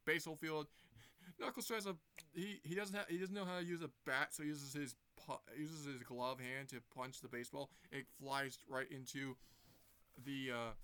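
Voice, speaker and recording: A man's voice: medium pitch, bright, forceful tone, clear, resonant tone. A young man casually retelling a movie plot for his review, rambling with lots of restarts. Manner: rambling, many fillers and restarts.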